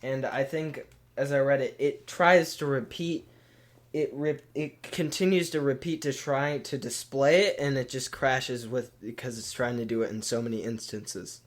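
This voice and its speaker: A man's voice: mid-range voice, steady tone, normal speed. A man co-hosting a casual tech podcast, rambling and thinking aloud with lots of "like"s. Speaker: podcast co-host.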